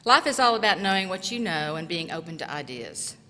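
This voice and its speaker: A middle-aged woman from southeast Tennessee giving an earnest, encouraging graduation speech at a podium microphone, in short, measured phrases. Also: fairly low pitch, sing-song, sharp tone. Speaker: commencement speaker and college instructor. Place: large auditorium. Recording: echoey hall reverb.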